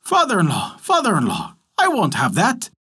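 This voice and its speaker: A man voicing a greedy, demanding male frog in a storybook tale, shouting and croaking his orders. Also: high-pitched, wildly swooping pitch, normal speed, voice pushed up, full character voice. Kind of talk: storybook character voice.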